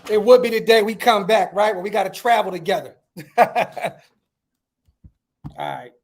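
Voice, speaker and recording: A man hosting a casual livestream podcast outdoors at home, talking in hyped slang and giving shout-outs to viewers. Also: sits high, normal speed. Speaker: podcast host.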